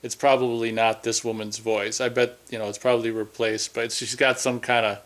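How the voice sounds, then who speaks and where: A man's voice: mid-range voice, little pitch movement, moderate pace, a bit bright. A man from Minnesota, giving rambling, chatty commentary over a movie with frequent restarts. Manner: rambling, chatty, self-interrupting. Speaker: film commentator.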